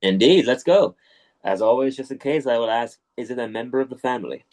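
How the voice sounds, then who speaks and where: A young Irish man co-hosting a casual podcast, animated, laughing often and acting out the scenes he talks about. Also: mid-range voice, a little fast. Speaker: podcast co-host.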